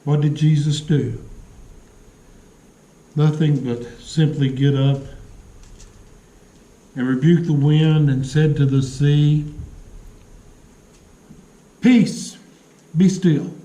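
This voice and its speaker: A man preaching in a church sanctuary, his mellow, slightly high voice carried by a roomy echo. He tells stories earnestly, slowing down and pausing for effect. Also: level tone. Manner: earnest storytelling delivery with dramatic pauses. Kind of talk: sermon.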